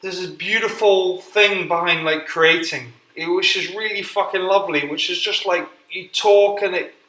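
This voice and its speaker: A man's voice: high-pitched, fairly even intonation, moderate pace, bright, forceful tone, roomy sound, rough recording. A man rambling and swearing through a casual solo podcast while cooking at home, self-deprecating and unpolished. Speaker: podcast host.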